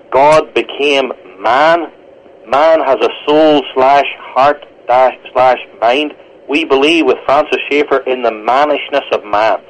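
A man's voice: medium pitch, a little hiss or hum. A man with a British accent, a pastor and guest, explaining theology earnestly and quoting scripture over a phone line. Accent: British English. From Britain. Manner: earnest, measured, quotes scripture with stumbles.

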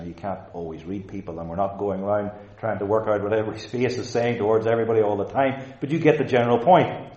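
A man's voice: fairly low pitch, a little mellow. Earnest male preacher in a roomy church. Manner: earnest, emphatic, slows down to stress key words. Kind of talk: sermon. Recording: roomy, dull lo-fi sound.

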